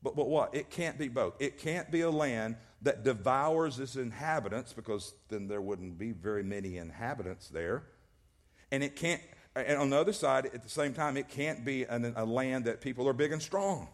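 A man's voice: mid-range voice, expressive, moderate pace. A male pastor preaching a sermon, emphatic and repetitive, often restarting his words. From American South.

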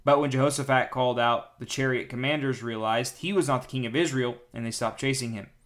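A young man hosting a daily Bible-reading podcast, reading the passage aloud with lively voices for the characters and joking asides. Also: medium pitch, a little fast. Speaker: podcast host reading scripture.

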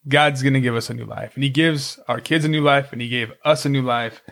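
A middle-aged man co-hosting a faith-based parenting podcast with his wife, with a voice of ordinary pitch. He talks earnestly and rambles, slipping in jokes at his own expense. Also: steady tone, brisk, gravelly, a bit bright. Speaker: podcast co-host. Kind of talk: casual Christian parenting podcast chat.

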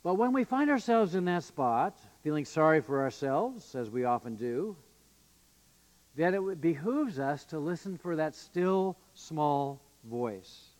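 A man's voice: a little high, big pitch swings, measured pace, darkish tone. A male pastor giving an earnest, emphatic sermon with occasional fillers and restarts. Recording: long reverb of a church hall.

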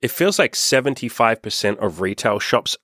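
A man's voice: lowish voice, expressive, moderate pace, a bit bright, dry recording, studio quality. A young Australian man coaching in a blunt, profane, casual monologue. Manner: blunt, profane, repetitive emphasis. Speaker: self-help coach.

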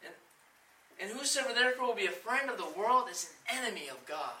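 A woman's voice: a little high, lively intonation, fast talker, sharp tone, distant mic. A woman preaching a sermon with emphasis, asking the room questions and acting out quoted voices. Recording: echoey room, voice from off the mic.

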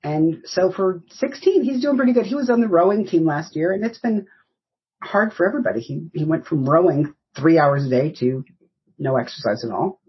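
Very husky woman in her fifties. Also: lowish voice, normal speed, lo-fi sound. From United States. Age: 50s. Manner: rambling, anecdotal storyteller. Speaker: podcast guest. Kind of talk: casual interview chat.

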